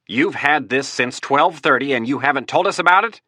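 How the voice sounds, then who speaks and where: A man's voice: medium pitch, expressive, fast, no echo, studio quality, pitched above the performer's own voice. A man voicing an irritable male chief of staff in an audiobook, snapping and raising his voice. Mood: angry. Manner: sharp, snapping, raised voice. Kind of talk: audiobook character voice.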